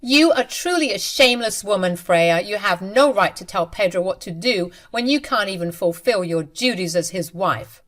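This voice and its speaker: A woman voicing a scheming pregnant mistress who talks in a shrill, accusing way. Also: lively intonation, moderate pace, few pauses, fairly bright tone, lightly acted. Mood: indignant.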